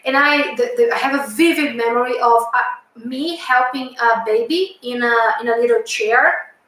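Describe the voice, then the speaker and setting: A channel host with a fairly high, slightly bright voice recounts a past-life memory as casual storytelling at a moderate pace. She sounds earnest but hesitant, with many ums, fillers and restarts. The room is very echoey.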